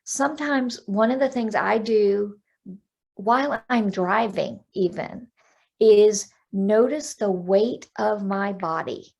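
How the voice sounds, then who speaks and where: A woman coaching on a podcast, her voice carrying a gravelly, creaky edge at an ordinary pitch for her sex. She explains things practically over a video call and slows down to count out breaths. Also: a little mellow. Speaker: life coach guest. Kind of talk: podcast interview, explaining calming techniques.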